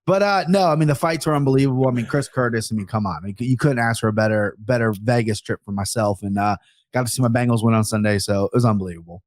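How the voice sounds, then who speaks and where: Fast-talking excited male storyteller. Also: mid-range voice, no echo, clean studio sound. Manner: fast, excited anecdote-telling. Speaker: podcast producer and guest. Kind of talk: casual storytelling.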